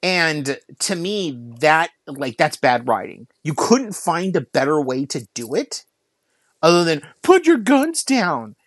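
A man's voice: on the high side, very animated, slow pace, dry recording. Ranting, foul-mouthed podcast man. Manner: ranting, frequent swearing and filler "like". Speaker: podcast co-host. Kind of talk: casual chat.

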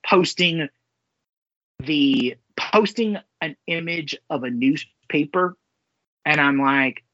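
A man co-hosting a podcast in casual chat, excitable and swearing freely, with lots of fillers. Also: a little high, takes it slowly, dry recording. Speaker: podcast co-host. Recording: dull lo-fi sound, dry.

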